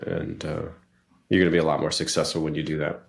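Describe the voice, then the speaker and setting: A man's voice: a bass voice, steady tone, fast, gravelly. A man talking earnestly in a casual podcast conversation, coaching men directly about relationships with frequent restarts.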